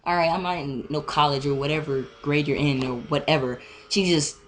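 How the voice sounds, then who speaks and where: A teenage girl with a low voice rants into her webcam. She acts out both sides of an argument with lively, profane energy, switching voices as she quotes each side. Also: fairly quick, slight background noise. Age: teens. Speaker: vlogger. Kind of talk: casual storytime rant.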